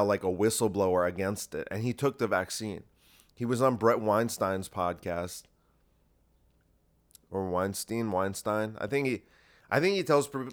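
A man hosting a podcast, talking in a rambling, crude and sarcastic monologue with frequent restarts. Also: on the low side. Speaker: podcast host. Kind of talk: casual monologue.

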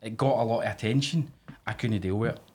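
Podcast host, Glaswegian man, husky, sweary storyteller. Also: on the low side, fast. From Scotland. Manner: sweary, storytelling, animated when excited. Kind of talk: casual chat.

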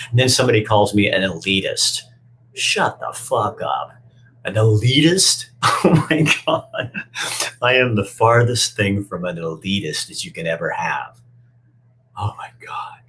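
Deep-voiced man ranting emphatically. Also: a bit bright. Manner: emphatic, emotional, profane. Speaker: speaker who reads stories to schoolkids. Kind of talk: storytelling and personal rant.

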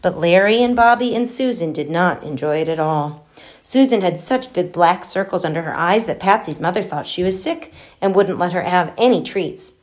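Lady reading a kids' bedtime story, gentle, acts out the bits of dialogue. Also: lowish voice, expressive, normal speed. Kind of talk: reading a children's story aloud.

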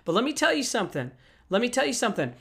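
A medium-pitched, gravelly, slightly rough voice with a fairly bright tone delivers a very animated, rapid-fire motivational talk on handling anger. The speaker addresses listeners directly, repeating key phrases to drive them home, while staying conversational and encouraging.

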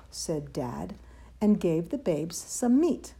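Warm, lilting woman reading a rhyming story. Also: fairly low pitch, sing-song, takes it slowly, creaky, breathy edge. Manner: lilting, sing-song rhythm. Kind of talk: rhyming picture-book read-aloud.

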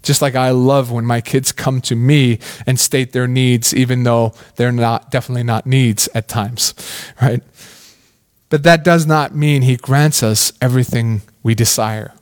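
A man's voice: medium pitch, steady tone, unhurried. A man preaching a sermon in a casual, conversational way, asking many questions and often saying "like". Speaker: pastor.

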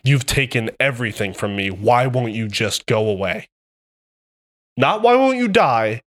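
A man playing a grieving vampire noblewoman, slow and accusing. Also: medium pitch, sing-song.

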